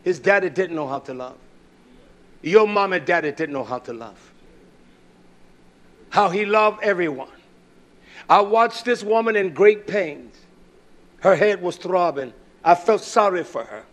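A middle-aged man preaching a sermon in a somewhat high voice. He swings from loud, shouted declarations to low, muttered storytelling. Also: expressive, measured pace, pauses often.

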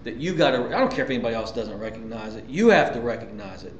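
A man's voice: mid-range voice, lively intonation, fast talker, reverberant, dull audio, a little hiss or hum. A man preaching a sermon as a pastor, talking conversationally with emphatic repetitions and rhetorical questions to his listeners.

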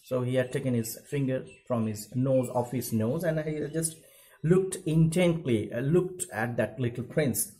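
A man's voice: mid-range voice, measured pace, warm tone, low-quality recording. Indian man explaining a story. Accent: Indian English. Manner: reads a passage aloud, then paraphrases with many fillers. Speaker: school English teacher. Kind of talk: explaining a literature text in a recorded lesson.

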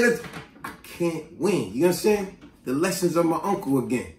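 A man tells a story in an animated, slangy way, his fairly high voice swooping up and down a lot. The sound is roomy and echoing, with the mic set some way off. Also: normal speed, recorded from a distance, a little hiss or hum. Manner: animated, street-slang storyteller who breaks into asides and acted quotes. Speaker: vlogger. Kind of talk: casual storytelling to camera.

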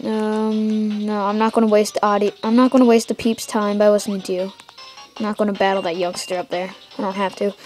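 A teenage girl hosting gameplay commentary from home, rambling excitedly and trash-talking the game. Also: mid-range voice, fairly quick, faint music behind. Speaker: let's play host.

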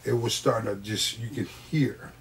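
Animated storytelling man, distant mic. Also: on the low side, normal speed, creaky, a little hiss or hum. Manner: animated, laughs often while telling stories. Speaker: guest, wrestler. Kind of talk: casual interview storytelling.

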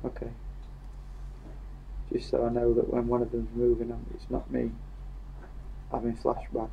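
A man's voice: medium pitch, normal speed, creaky, lo-fi sound, a little hiss or hum. A young man with a Yorkshire accent, casually reading live chat comments aloud and joking. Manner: jokey, reads comments aloud in a lively voice.

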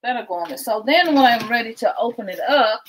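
A woman's voice: on the high side, lively intonation, a little fast, a little hiss or hum, rough recording. A woman, hosting a casual livestream from home, chatting with viewers and laughing often while she packs. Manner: chatty, keeps addressing viewers as y'all. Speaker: livestream host. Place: at home indoors.

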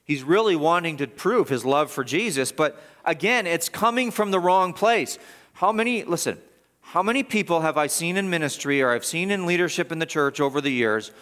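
A male pastor preaching a sermon in church, emphatic and repetitive, swinging from loud urgency to quiet gravity. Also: a little high, expressive, normal speed. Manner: emphatic, repeats words for stress.

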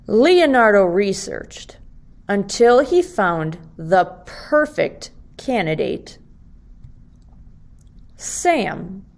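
Teacher lady reading a picture book to kids, slow and sing-songy. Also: mid-range voice, vocal fry. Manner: slow, expressive storytelling.

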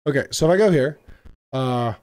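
A man's voice: mid-range voice, expressive, a little fast, darkish tone. A young man giving casual let's-play commentary, thinking aloud and stumbling over game words. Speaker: gaming video creator.

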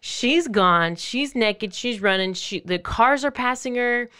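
A woman hosting a podcast, casually telling a true-crime story in an animated way and acting out quotes in playful voices. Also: on the high side, slow pace, clear, resonant tone. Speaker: podcast host.

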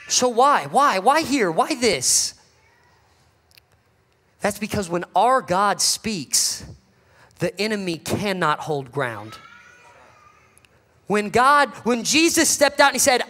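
A man preaches from the stage in a high, bright, ringing voice. He builds to shouts, then drops low and quiet. The room carries a long reverb. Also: sing-song, slow, long pauses. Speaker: pastor. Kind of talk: sermon. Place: church sanctuary.

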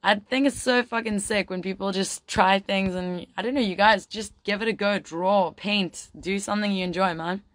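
A woman's voice: medium pitch, fairly even intonation, normal speed, few pauses, dry recording. A young woman from a band chatting casually on a livestream, reading viewer comments, swearing freely and calling everyone "man". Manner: laid-back, swears a lot, says "man" often. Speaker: band member hosting a livestream.

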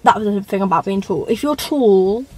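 A woman's voice: medium pitch, fast, darkish tone, breathy edge, poor audio. A teenage woman, chatting and rambling casually through a car tour vlog from inside her parked car. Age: teens. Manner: rambling, chatty, self-conscious asides. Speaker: vlogger.

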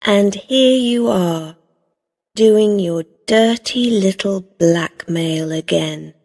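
A woman voicing a shrewd, calm and cunning woman in a storybook reading, measured and knowing. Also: mid-range voice. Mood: accusing. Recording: long reverb.

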